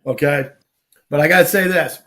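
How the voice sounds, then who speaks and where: With a voice on the high side and a normal pace, this Boston talk-show host chats casually through his stories. He gets animated, plays out the dialogue himself, and leans heavily on salty slang.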